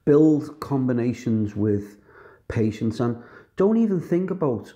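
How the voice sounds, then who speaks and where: Mellow, rambling British boxing coach. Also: male voice, medium pitch, measured pace. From United Kingdom. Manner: relaxed, rambling with frequent ums and restarts. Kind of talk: casual online coaching talk.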